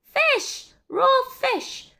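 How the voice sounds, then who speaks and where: A woman voicing an excitable storybook mother who turns shrill when upset. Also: a little slow, vocal fry, exaggerated voice. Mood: disgusted.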